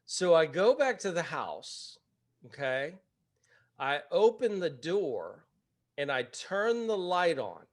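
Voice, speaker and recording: Animated male storyteller, higher voice, casual and chatty with laughs. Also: slow. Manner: animated, laughs while telling. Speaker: real estate investor and webinar host.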